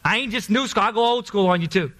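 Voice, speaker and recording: A man preaching a sermon in a folksy, animated storytelling way, calling out to his congregation. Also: sits high, fast. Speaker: pastor.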